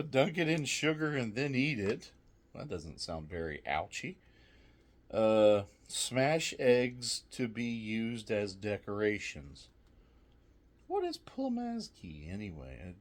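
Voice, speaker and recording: A man's voice: lowish voice, sing-song, unhurried. A man casually reviewing snacks, reading trivia aloud with jokey asides, swearing and laughing often.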